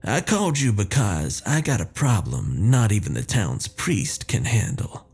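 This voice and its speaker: A man's voice: lowish voice, very animated, unhurried, darkish tone, husky, full character voice. A man voicing a blunt, folksy grandmother in her fifties who speaks with a thick accent and familiar terms of endearment. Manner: blunt, familiar, calls people honey.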